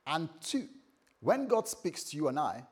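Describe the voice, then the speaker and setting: A man preaching a morning sermon as pastor, repeating phrases and swinging between loud and soft. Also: fairly high pitch, unhurried, husky. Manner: lively, repetitive preaching with sudden loud and soft turns.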